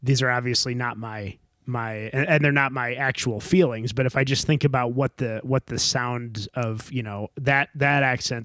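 A man's voice: medium pitch, fairly bright tone, dry recording, clean studio sound. A man from the northern United States co-hosting a casual conversation, thinking aloud with many fillers and restarts. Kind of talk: casual chat.

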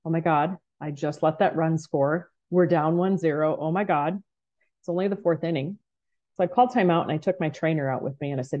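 Woman, softball coach, podcast storytelling, animated quotes, mellow tone, lo-fi sound. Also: lowish voice, a little fast.

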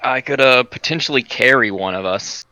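A man's voice: medium pitch, normal speed, bright, forceful tone, no room sound, low-quality recording. A man playing a tabletop game, talking in an offhand way. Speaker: player. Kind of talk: casual chat at a game table.

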